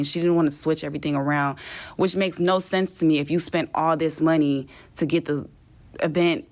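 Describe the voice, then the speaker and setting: A woman's voice: low-pitched, steady tone, darkish tone. A woman telling a travel story as a casual, exasperated rant, cursing freely and mimicking the people she dealt with. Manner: profane, exasperated, mimics others in quick asides.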